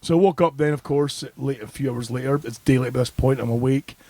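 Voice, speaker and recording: A man on a podcast telling a drunken party story with animated, swearing delivery and acted-out reactions. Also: medium pitch, a little fast, no echo. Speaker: podcast co-host. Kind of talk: casual chat, anecdotes.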